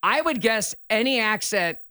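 A man's voice: sits high, moderate pace, clean tone, dry recording, clean studio sound. A man from the US Midwest co-hosting a morning radio show, joking wryly and telling stories in casual chat. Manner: wry, joking, animated storyteller.

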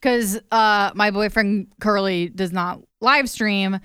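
A woman co-hosting a radio show, joking back with quick, wry replies. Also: medium pitch, fairly bright tone, clear, resonant tone, dry recording, clean studio sound. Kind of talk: casual radio banter.

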